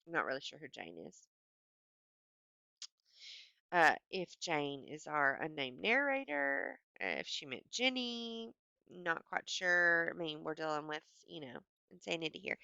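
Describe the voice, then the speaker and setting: A woman records a literature lesson on a screencast. Her voice is bright and crisp, and the sound is dry and close. She talks through the text casually with many "um"s and reads passages aloud with lively animation. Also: low voice, unhurried, no echo. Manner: reads quoted passages aloud with rising animation, then explains casually with fillers. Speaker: teacher. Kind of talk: lecture screencast reading aloud from a story.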